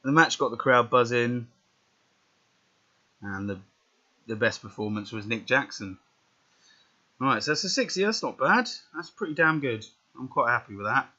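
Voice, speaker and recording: A man's voice: mid-range voice, animated, moderate pace, long pauses, sharp tone. A man casually commentating a wrestling management game, reading out results with rambling muttered asides. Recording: dull lo-fi recording.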